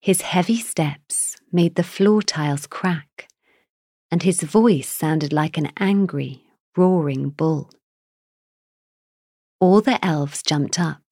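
A woman narrating a children's fairy tale in a measured, gentle reading style. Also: low voice, dry recording, clean studio sound. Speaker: storyteller. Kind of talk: storybook narration.

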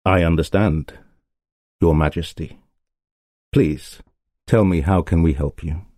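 A man voicing a calm, shrewd detective who speaks in a measured, courteous way in a storybook reading. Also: sits low, no room sound, clean studio sound, voice pushed down.

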